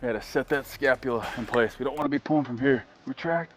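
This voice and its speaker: A man's voice: medium pitch, fast talker, background noise. Joking gym vlogger man. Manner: joking, hypes the viewer while training. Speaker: fitness vlogger. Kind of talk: casual workout vlog narration.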